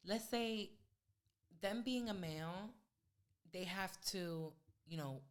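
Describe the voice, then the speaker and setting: A woman's voice: mid-range voice, takes it slowly. A woman talking in a casual podcast debate, rambling with many fillers and restarts.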